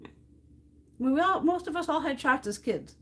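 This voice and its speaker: A woman's voice: high-pitched, lively intonation, a little slow, a bit bright. A middle-aged American woman hosting a makeup livestream, chatting casually and ranting bluntly with plenty of swearing. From United States. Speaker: beauty livestream host. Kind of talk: casual chat while depotting makeup.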